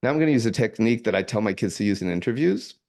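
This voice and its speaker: Middle-aged guy with a lowish voice rambling through a story, lots of restarts. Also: animated, darkish tone. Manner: rambling, halting restarts, chuckles while telling stories. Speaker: guest. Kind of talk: casual storytelling.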